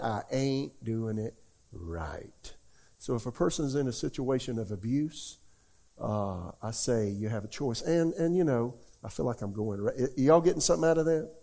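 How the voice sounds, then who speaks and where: A middle-aged man, a pastor answering questions in a conversational sermon. He talks in a folksy, animated way, tells stories and keeps asking the listeners rhetorical questions. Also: mid-range voice.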